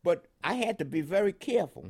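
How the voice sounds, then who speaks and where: A man's voice: high voice, expressive, a little fast, darkish tone, slightly rough, dry recording, clean studio sound. Older man recalling his wartime years. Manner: storytelling, chuckling, repeats words. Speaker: interviewee, WWII veteran. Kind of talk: oral history interview.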